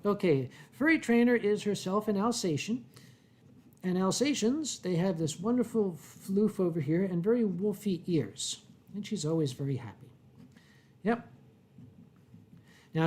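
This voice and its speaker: A man with a Philadelphia accent hosting a casual livestream from home, reading viewer comments in a dry, wry way and often clearing his throat. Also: high voice, darkish tone. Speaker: livestream host. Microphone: desk microphone.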